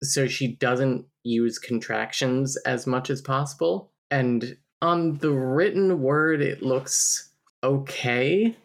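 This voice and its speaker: Woman, very deep voice, gravelly fry, casual book review chat, dry wry explainer. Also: takes it slowly. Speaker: podcast co-host, critic.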